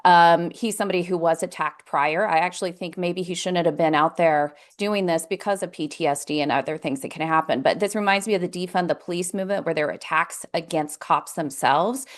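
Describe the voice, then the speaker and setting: A woman's voice: lowish voice, brisk, hardly any pauses. A woman, a communications consultant, arguing her point steadily as a talk show guest. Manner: steady, argumentative. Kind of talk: political talk show discussion.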